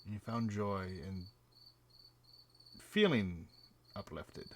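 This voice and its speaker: A man running a tabletop game as game master, describing the scene slowly and haltingly, with fillers. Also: fairly low pitch, sing-song, slight background noise. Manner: slow, hesitant scene narration with fillers.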